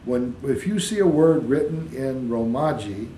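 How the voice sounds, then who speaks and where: A man's voice: medium pitch, a little slow, mellow. A man being interviewed, explaining patiently like a teacher and spelling words out letter by letter. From United States. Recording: echoey room with faint background hiss.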